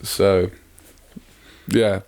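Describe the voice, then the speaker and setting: Deep-voiced young Englishman, stuffed-up. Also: flat delivery, extremely slow, creaky, a little mellow. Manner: self-mocking, apologetic, rambling. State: congested. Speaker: podcast co-host. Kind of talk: casual football chat.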